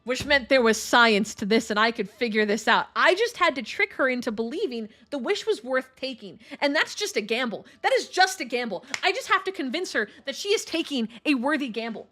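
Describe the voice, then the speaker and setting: Lively high-voiced young woman telling stories. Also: brisk, few pauses, soft background music. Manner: animated, swears casually, laughs often. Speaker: streamer. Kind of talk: casual storytelling chat.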